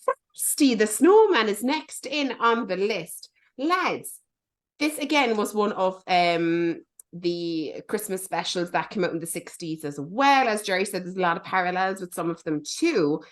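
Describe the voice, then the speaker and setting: A woman's voice: medium pitch, animated, measured pace. A woman co-hosting a podcast, chatting casually and animatedly about films and swearing for emphasis. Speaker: podcast co-host. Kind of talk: casual movie review chat.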